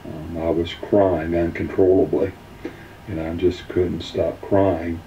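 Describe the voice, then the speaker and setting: A man giving an earnest personal testimonial, halting and full of filler ums. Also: low-pitched, flat delivery, slight background noise. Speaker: weight-loss testimonial speaker. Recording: roomy, distant, dull mic.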